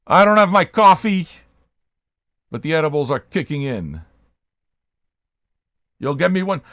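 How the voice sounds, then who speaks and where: An older man with a fairly high voice that leaps up and down as he rambles, loud and profane. He talks straight into a close mic in a dry basement room with no echo. It sounds like a casual host ranting to a live audience. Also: very animated, normal speed, long pauses. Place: home basement.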